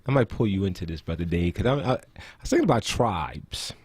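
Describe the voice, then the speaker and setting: A man hosting a radio talk show, musing out loud in a casual, reflective way. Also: deep voice, lively intonation, a little fast, slightly rough, no room sound.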